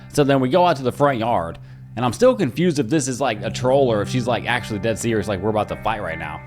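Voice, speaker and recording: A young man casually telling a story from his own life, profane and animated. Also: mid-range voice, fast talker, faint music behind.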